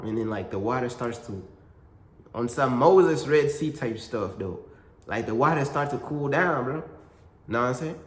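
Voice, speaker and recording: A man's voice: mid-range voice, lively intonation, normal speed. A man giving a casual faith talk, full of slang, calling the listener "bro" again and again. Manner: slangy, repeats "bro" and "you know what I'm saying". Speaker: Christian content creator. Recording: echoey room with long reverb.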